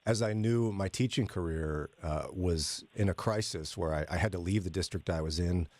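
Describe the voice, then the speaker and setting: A man's voice: low voice, moderate pace, a little mellow. A man hosting a morning radio show in a studio, chatty and joking with his co-hosts. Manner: chatty, jokey, laughs often. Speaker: radio host.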